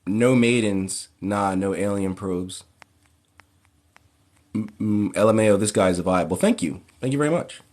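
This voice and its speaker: A man hosting a casual livestream Q&A who reads viewers' questions aloud and answers in a relaxed, plain way. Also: lowish voice, a little slow. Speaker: occult livestream host.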